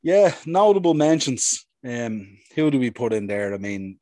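Relaxed man from Ireland, dry sound. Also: medium pitch, unhurried, dry recording. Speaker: podcast co-host. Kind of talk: casual chat.

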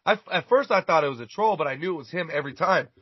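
A man chats casually, telling a crude, rambling story full of profanity and stumbling over repeated words. His fairly high, breathy voice is animated and quick. The lo-fi recording sounds dull, with no room sound.

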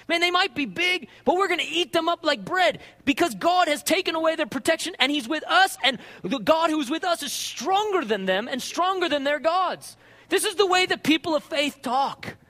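A man preaching a sermon with passion, dropping to hushed tones and rising to shouts. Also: extremely high pitch. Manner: impassioned, swings between hushed and shouting. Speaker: pastor.

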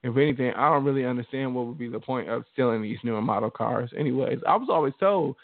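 Dude cohosting a podcast, cussing and going off, sounds like a phone line, dry. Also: male voice, medium pitch, quick pace, no room sound. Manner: blunt, profane, reads gossip aloud. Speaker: podcast co-host. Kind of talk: casual chat.

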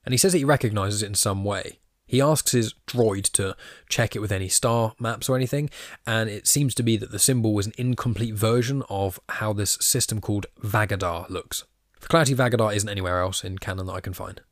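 A casual, chatty man with a lowish voice talks through a story recap with a self-deprecating manner. The recording is dry and close, with no room sound. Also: brisk, dry recording. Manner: chatty, self-deprecating, reads quoted lines aloud in his own voice. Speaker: podcast host. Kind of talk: casual comic recap podcast.

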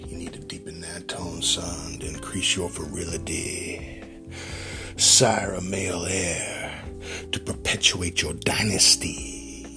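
A man voicing a male vocal coach who croons in a slow, hushed, breathy late-night radio purr. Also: low voice, level tone, over music, pitched below the performer's own voice. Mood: seductive hush.

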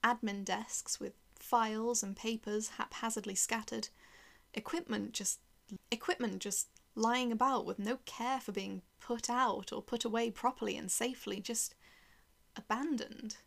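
A woman's voice: on the high side, steady tone, a little slow, gravelly, fairly bright tone. A woman narrating a first-person horror story in a tense, dramatic way, sometimes dropping to a whisper.

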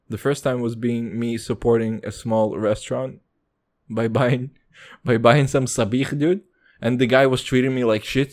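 A young man from Israel hosting a casual solo podcast, rambling and joking with constant swearing and sudden pitch jumps. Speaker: podcast host.

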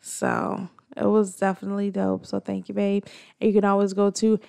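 A woman in casual chat, telling a story with animated jumps in pitch when she quotes people. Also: moderate pace, gravelly, clean tone.

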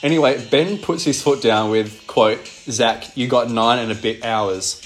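A young man with a mid-range voice runs through a casual comedic recap, laughing often between lines. He swears freely and drops quick asides as he goes. Faint music plays under him. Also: medium pitch. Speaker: host recapping a fantasy league.

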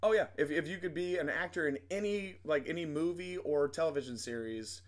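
A man's voice: on the high side, brisk. A man co-hosting a podcast in casual banter, often stammering and restarting, laughing along. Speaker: podcast co-host.

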